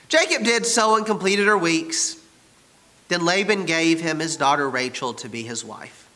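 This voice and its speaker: A man teaches scripture in a relaxed, wry, conversational way, moving between reading the text aloud and commenting on it. His voice sits a little high and sounds bright and forward. A long reverb tail hangs after his words, as if he is speaking in a large hall. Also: a little slow. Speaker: Bible study teacher. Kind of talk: expository Bible teaching.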